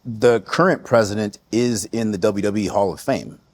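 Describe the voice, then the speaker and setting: A relaxed man from the United States, guesting on a podcast, telling stories and quoting others with lively voices. His voice sits on the low side for a man. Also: moderate pace. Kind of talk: casual interview storytelling.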